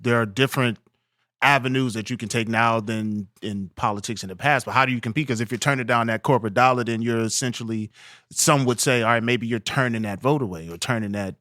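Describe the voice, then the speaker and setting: A man co-hosting a podcast, asking quick questions and repeating them as he goes. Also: medium pitch, a bit bright, no echo, studio quality. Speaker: podcast co-host. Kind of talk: casual chat.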